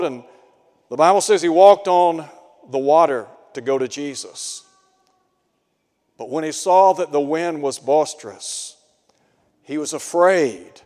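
A man preaching a radio sermon, slow and deliberate, asking his listeners pointed rhetorical questions. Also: on the high side, animated, darkish tone, in a large hall.

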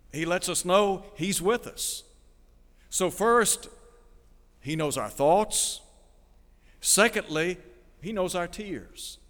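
A man's voice: on the high side, fairly bright tone, in a large hall. A man preaching a sermon, reading scripture and putting questions to his listeners. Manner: asks the listeners rhetorical questions.

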